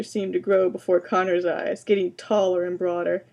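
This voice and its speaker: A woman giving a booktalk presentation, introducing books and reading excerpts aloud in a quiet, measured way. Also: fairly low pitch, level tone, vocal fry. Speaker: library science student presenting books.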